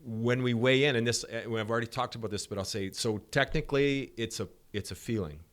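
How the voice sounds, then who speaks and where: A middle-aged man, a sport psychologist guest on a podcast interview, explaining ideas through animated stories and acting out dialogue. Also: medium pitch, a little fast.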